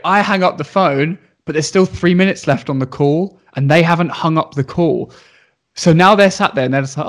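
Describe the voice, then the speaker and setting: Young male teacher, slightly higher voice, lively casual storyteller who acts out voices. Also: moderate pace. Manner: animated, swearing, acts out voices. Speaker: primary school teacher.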